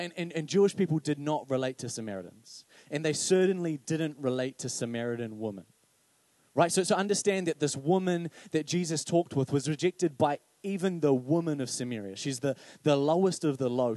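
A man's voice: fairly high pitch, normal speed, dry recording. A male pastor giving a conversational sermon, often asking "right?" and acting out quoted voices. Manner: conversational, animated, acts out quoted voices with many "right?" asides.

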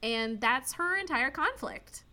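A woman co-hosting a movie podcast in easy, chatty talk, often drifting into side stories. Her voice is on the higher side and bright, and her pitch moves about with animation. She laughs easily as she goes. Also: animated, slow pace. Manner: chatty, wandering into tangents with laughs. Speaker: podcast co-host. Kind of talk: casual movie review chat.

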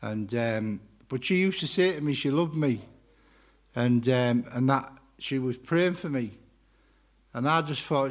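A man, talking fast in a chatty, joking way as a guest preacher at a church carol service. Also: mid-range voice. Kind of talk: sermon-style personal testimony. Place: church carol service before a live congregation. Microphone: handheld microphone.

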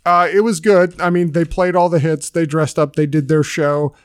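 Brief: middle-aged male podcast co-host, high voice, dry close mic, upbeat and joking. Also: little pitch movement, clear, resonant tone, dry recording. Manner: upbeat, joking, quick asides. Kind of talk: casual chat.

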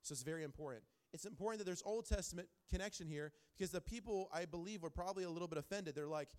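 A man's voice: on the high side, fast talker. A man in his thirties preaching a sermon in a church, telling stories with animation and repeating phrases for emphasis. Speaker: pastor.

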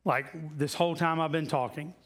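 A man preaching a sermon to a church congregation in a conversational way, repeating key lines and slowing down for emphasis. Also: on the high side, fairly even intonation, a bit bright. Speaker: pastor.

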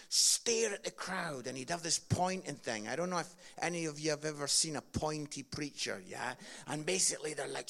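This Scottish man's voice is a little high with some vocal fry, and his accent is from Edinburgh. As a guest preacher giving a funny sermon, he is animated and jokey and pokes fun at the audience.

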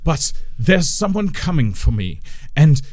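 A man voicing a male wizard turned into a sheep, pleading and pompous in a high, loud voice. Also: sing-song, measured pace, no echo, clean studio sound.

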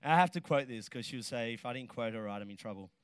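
A middle-aged man preaching a lively sermon, animated and joking, often shouting to stress a point. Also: medium pitch, quick pace, clean tone, no room sound, clean studio sound. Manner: animated, shouts for emphasis, jokes with the crowd. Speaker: pastor.

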